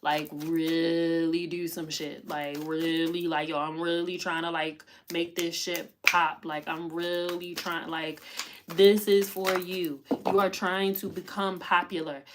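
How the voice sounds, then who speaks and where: A woman's voice: fairly low pitch, little pitch movement, slow, noisy background. A woman giving a live tarot reading, talking in emphatic, repetitive, slangy bursts full of profanity and pep-talk urging. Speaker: tarot reader.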